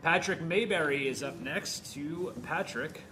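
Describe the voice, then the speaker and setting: A man's voice: fairly high pitch, a little slow, noisy background. A man hosting a casual interview, chatty and enthusiastic. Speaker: interview host.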